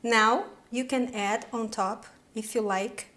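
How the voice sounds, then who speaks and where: A woman hosting her own cooking video, chatty and excitable, demonstrating a recipe with frequent exclamations. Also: a little high, slow pace. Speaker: cooking channel host.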